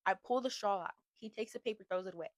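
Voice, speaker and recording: A young adult woman hosting a podcast, telling a story in a chatty, animated way, laughing often and filling her talk with "like.". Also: medium pitch, fast talker, no room sound. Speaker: podcast host. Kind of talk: casual storytime chat.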